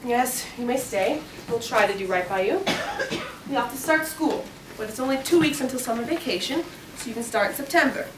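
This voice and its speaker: A stern, practical spinster voiced by an actress speaks firmly and briskly in a fairly high voice. It is a stage play, picked up from far off in a roomy hall. Clear background noise runs under the voice. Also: female voice, natural voice. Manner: brisk, curt and no-nonsense. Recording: echoey hall, distant mic, background noise.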